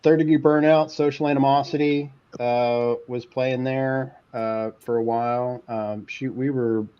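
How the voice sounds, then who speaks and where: A male band guitarist trades old stories in a loose, joking chat and plays up his own greatness with a grin in the voice. His pitch sits in the middle range. The recording sounds dull and lo-fi. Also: fairly even intonation, unhurried, smooth. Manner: joking, boastful storytelling. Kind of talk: casual chat.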